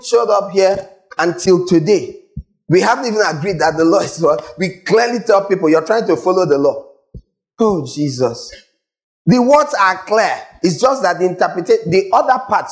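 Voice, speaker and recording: Emphatic high-voiced male preacher. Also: animated, moderate pace, low-quality recording. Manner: emphatic, repetitive, asks the audience questions; scolding, direct. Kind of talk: sermon.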